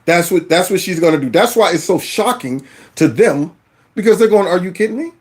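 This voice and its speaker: A man's voice: high-pitched, expressive, moderate pace. A man hosting political commentary, reacting in an exasperated, incredulous, colloquial way.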